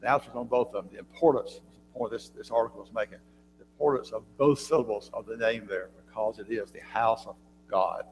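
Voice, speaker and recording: A man teaching a church Bible class, talking conversationally, often quizzing his listeners with questions and clearing his throat, recorded in a church room with long reverb and a faint hum. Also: fairly low pitch, brisk. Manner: frequent throat clearing and restarts.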